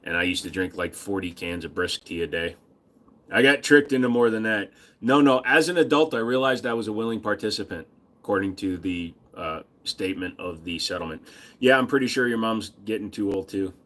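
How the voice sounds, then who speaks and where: A man's voice: on the low side, lively intonation, a little fast, a bit bright. A man hosting a casual livestream, bantering with chat in a crude, profane, joking manner. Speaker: livestream host.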